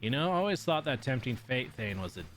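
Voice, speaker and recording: A man's voice: mid-range voice, big pitch swings, fast talker, a bit bright, soft background music. A man streaming himself reading a visual novel aloud in a casual way, with swearing and offhand asides.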